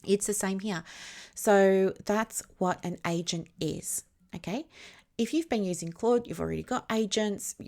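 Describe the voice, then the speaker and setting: A woman's voice: medium pitch, a little slow, gravelly, darkish tone. A woman, a business mentor, explaining things in a casual teaching monologue, building long analogies and often checking whether listeners follow.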